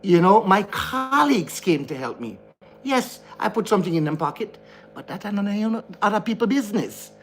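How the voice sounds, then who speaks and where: Jamaican male vlogger, heated rant to camera, soft music under. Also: high voice, very animated, brisk. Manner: frustrated, ranting, repetitive. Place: indoor room.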